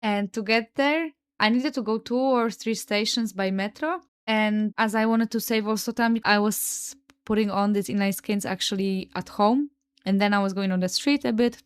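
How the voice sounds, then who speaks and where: A woman's voice: medium pitch, clear, resonant tone. A young woman with a Polish accent, hosting a podcast and telling stories in a chatty way, peppered with "like" and "no?" and swearing. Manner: chatty, lots of "like" and "no?" tags, swears freely. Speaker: podcast host. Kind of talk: casual storytelling monologue.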